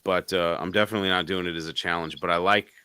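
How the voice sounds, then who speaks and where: A man's voice: sits low, fairly even intonation, fast talker, heavy background noise. A man co-hosting a live car show, telling a story in casual chat, swearing freely and laughing between lines.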